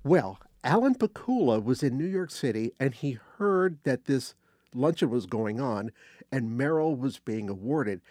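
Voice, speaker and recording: An older man telling a casual anecdote as a guest, animated, acting out quotes and restarting phrases. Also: mid-range voice, unhurried, no room sound, clean studio sound. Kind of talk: casual storytelling.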